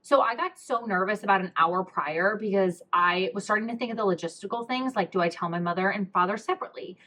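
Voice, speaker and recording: A woman's voice: mid-range voice, fast, pushed and bright. A young woman hosting a podcast, telling a personal story in a casual, candid way, swearing freely and saying "like" a lot. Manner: chatty, candid, swears freely, heavy use of "like". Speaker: podcast host.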